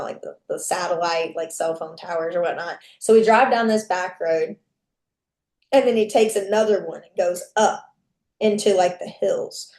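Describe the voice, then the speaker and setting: In an echoey room, a young woman on a podcast recounts a personal story with frank, profane candor, playing out the dialogue of the people involved. Her voice is lowish and a little mellow.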